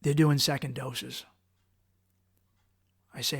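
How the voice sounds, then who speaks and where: In a personal storytelling monologue, a male podcast host recounts a harrowing experience in a raw, profane, intense way, frequently restarting. His voice is fairly high and a bit bright, at a moderate pace.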